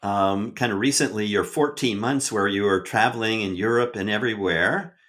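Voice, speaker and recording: A man's voice: fairly low pitch, normal speed, fairly bright tone. A man hosting an interview, asking his guest a string of short, direct questions. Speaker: podcast host.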